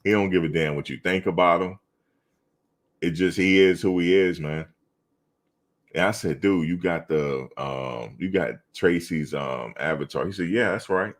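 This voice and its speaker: A middle-aged man with a low, deep voice hosts a loose sports talk stream. He banters with his viewers in animated slang and hammers the same point over and over. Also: a little slow. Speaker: live show host reading chat. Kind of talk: casual sports chat.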